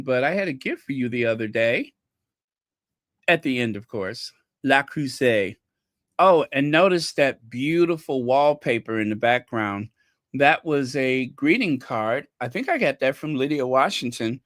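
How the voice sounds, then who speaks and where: Clean, dry studio audio captures a U.S. channel host whose medium-pitched voice is expressive and a bit bright, at normal speed. He chats casually with his viewers, rambling and playful, full of filler words.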